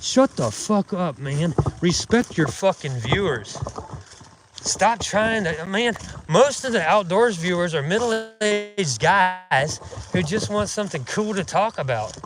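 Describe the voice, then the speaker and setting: A man's voice: high-pitched, expressive, slow, noisy background. A man hosting an outdoors channel, delivering a profane, mocking, indignant rant while out in the woods. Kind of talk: casual ranting vlog.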